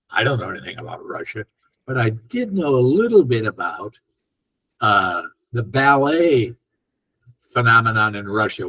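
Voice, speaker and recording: An older man with a husky, slightly rough voice at a middle pitch tells a long anecdote as an interview guest. He talks casually and acts out quoted lines of dialogue along the way. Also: poor audio. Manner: animated storyteller who acts out quoted dialogue. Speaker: interview guest, film director.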